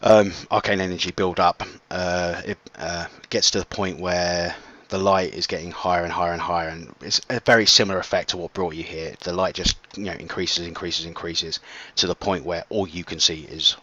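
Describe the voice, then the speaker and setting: A very deep-voiced man acts as dungeon master in a tabletop game. He rambles through the story with a lot of ums and self-corrections, and his bright, forceful tone comes over a muffled, lo-fi mic. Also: fairly even intonation, moderate pace, hardly any pauses, no room sound. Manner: rambling, lots of ums and restarts.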